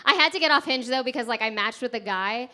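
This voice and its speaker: Bright, high-voiced woman doing stand-up. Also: fast talker, slight background noise. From Texas. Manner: chatty, self-mocking, laughs through punchlines. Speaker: stand-up comedian. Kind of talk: stand-up comedy set. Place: comedy club stage. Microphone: handheld stage mic.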